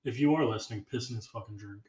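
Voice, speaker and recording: A man's voice: on the low side, fast talker, a little mellow. Dry, teasing man in a roomy room. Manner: dry, mocking banter. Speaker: podcast co-host. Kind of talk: casual chat, teasing.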